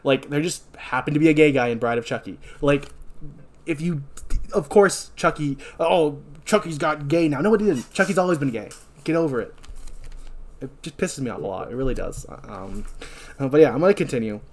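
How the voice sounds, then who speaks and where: Casual male podcaster recapping an episode. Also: medium pitch. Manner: reads episode notes and quotes dialogue flatly between asides; gets heated and fast when ranting. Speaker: podcast co-host.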